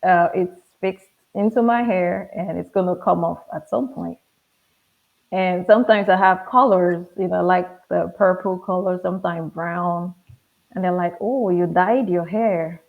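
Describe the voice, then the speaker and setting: A woman with a Nigerian accent, a pharmacist telling stories in a relaxed, wry interview manner, often acting out other people's lines. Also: on the low side, a little slow, gravelly. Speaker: guest, pharmacist. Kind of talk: conversational interview storytelling. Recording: tinny, phone-like audio.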